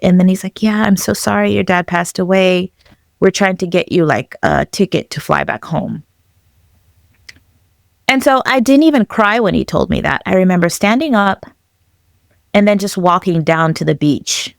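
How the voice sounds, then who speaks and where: A young woman from Zambia telling a personal story as a podcast guest, reflective and halting, with many fillers. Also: fairly low pitch, lively intonation, creaky, dry recording, studio quality.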